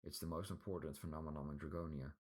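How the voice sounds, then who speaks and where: A man voicing a calm male group leader who explains plans in a steady way, in a storybook reading. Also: a bass voice, fast.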